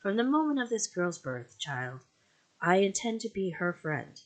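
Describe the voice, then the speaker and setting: Brief: reader doing a brisk, bossy older aunt, raised and loud, storybook reading. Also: mid-range voice, big pitch swings, pitched above the performer's own voice. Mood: stern. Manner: brisk, commanding, indignant. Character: stern older aunt, sharp and domineering. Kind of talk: audiobook character voice.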